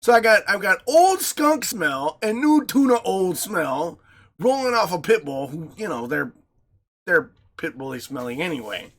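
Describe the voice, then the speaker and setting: A man co-hosting a podcast in his home studio, an animated, crude storyteller who laughs often. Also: high-pitched, a little slow. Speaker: podcast co-host. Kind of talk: casual chat.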